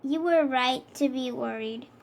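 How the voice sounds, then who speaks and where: A woman's voice: high-pitched, unhurried, vocal fry. A woman reading the lines of a clumsy, good-natured starfish friend in a storybook. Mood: sheepish.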